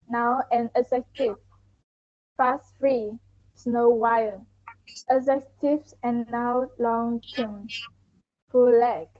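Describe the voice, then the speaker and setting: A woman student reading a class presentation on word stress, going through word lists slowly and flatly. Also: on the high side. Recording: dull lo-fi recording.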